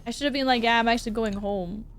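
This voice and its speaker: A Swedish-speaking woman with a fairly high voice talks quickly while streaming a horror game live, swearing and exclaiming at the game and chatting with viewers. A little hiss or hum sits in the recording.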